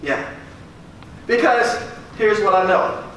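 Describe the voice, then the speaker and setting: High-voiced guy giving a pep talk, repeats stuff for punch, echoey and far from the mic. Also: animated, slow pace, a bit bright. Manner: emphatic, repeats key phrases for effect. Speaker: motivational speaker. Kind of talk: motivational speech to a live audience. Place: large echoey room with audience. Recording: very echoey, from far off, faint noise.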